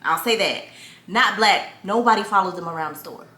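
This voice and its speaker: This lifestyle vlogger, a young woman, speaks at a moderate pace in a mid-range voice. She tells stories with animation and addresses her viewers directly in a casual, chatty way, recorded in an echoey room.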